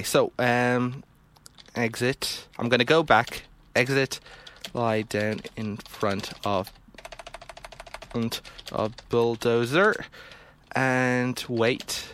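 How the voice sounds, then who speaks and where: A man's voice: mid-range voice, a bit bright. A young man playing a text adventure, reading its prose aloud and muttering the commands he types between his own remarks. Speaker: video game player. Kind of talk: let's play commentary, reading game text aloud.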